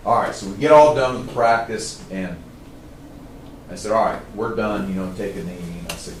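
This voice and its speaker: A middle-aged man telling stories to a live audience as a trainer, in a casual, animated way. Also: on the low side, normal speed, a little hiss or hum. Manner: casual, animated storytelling, says "man" often. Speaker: trainer speaking to a group. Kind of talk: storytelling talk to a live audience. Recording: roomy, distant mic.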